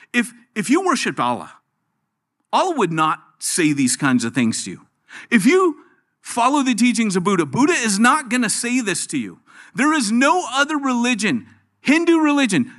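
A middle-aged man preaching a sermon, animated, dropping his voice low and soft when he quotes. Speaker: pastor.

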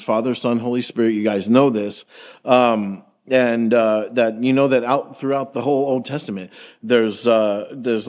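A man preaching a sermon in a relaxed, conversational way, reading scripture and asking the congregation questions. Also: mid-range voice. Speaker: pastor.

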